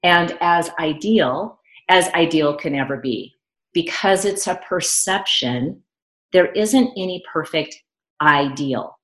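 A woman hosting a podcast interview, speaking in a measured, affirming way. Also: on the low side, lively intonation, a bit bright. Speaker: podcast host. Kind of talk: slow, reflective interview talk. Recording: echoey room.

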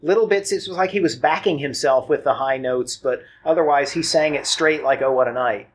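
A man's voice: mid-range voice, brisk, breathy edge. A man co-hosting a music podcast, explaining songs in an easygoing, informative way and laughing often. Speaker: podcast co-host and producer. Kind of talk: casual music chat.

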